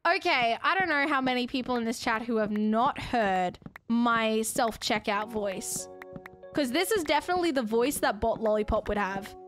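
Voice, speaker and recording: A woman's voice: a little high, moderate pace, a bit bright, soft background music. A woman streaming a game, chatting casually and giggling with her viewers. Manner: chatty, giggly, talking to chat. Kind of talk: casual live-stream chat.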